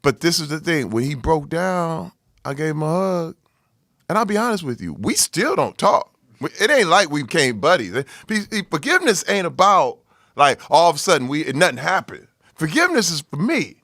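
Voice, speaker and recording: A man telling a personal story as a podcast guest, jumping from loud exclaiming to hushed low tones and acting out the people he quotes. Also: very animated, normal speed, no room sound, clean studio sound. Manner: acts out quoted voices in his story. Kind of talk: casual storytelling.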